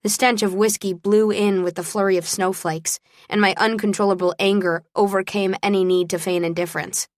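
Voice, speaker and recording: Woman audiobook narrator; expressive first-person read, mid pitch, dry studio sound. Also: fairly quick, few pauses, no room sound.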